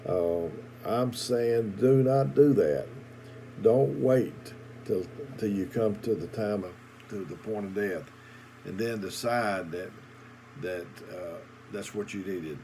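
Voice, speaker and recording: A middle-aged preacher gives a sermon for a video, his voice low and mellow. He tells homely stories, halting often and doubling back on his words. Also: a little hiss or hum, rough recording. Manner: halting, repeats words, folksy storytelling.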